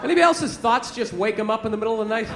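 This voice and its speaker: High-pitched ranting comedian. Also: male voice, very fast. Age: 40s. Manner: ranting, loud, profane, exasperated. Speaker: stand-up comedian. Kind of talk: stand-up comedy set. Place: large theater stage. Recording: live theater, laughing crowd, noise.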